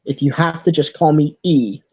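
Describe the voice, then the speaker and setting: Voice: mid-range voice, normal speed, a little mellow, highs cut off, slight background noise, lightly acted. A game master voicing an irritable old male tiefling wagon driver who makes short, threatening replies. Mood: irritated.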